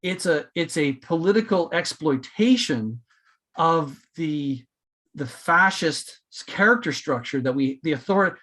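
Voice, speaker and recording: A man's voice: fairly high pitch, animated, unhurried, fairly bright tone. A man hosting a casual spiritual podcast, talking in a rambling way with many fillers and restarts. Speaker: podcast host.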